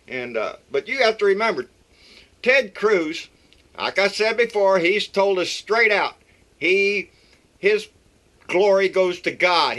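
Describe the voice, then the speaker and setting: A man's voice: high voice, sharp tone. A man hosting his own show, giving a blunt, folksy political rant full of mockery. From Texas. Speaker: political vlogger.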